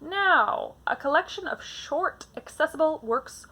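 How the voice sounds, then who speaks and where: Bright-voiced young woman chatting about books. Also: high voice, measured pace. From Canada. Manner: chatty, animated, many fillers. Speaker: book vlogger. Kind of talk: casual book tag chat.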